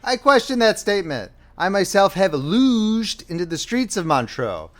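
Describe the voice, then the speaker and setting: A man's voice: high voice, very animated, moderate pace, fairly bright tone, pitched above the performer's own voice. A man voicing a pompous, pedantic male Swiss official who insists on precise points.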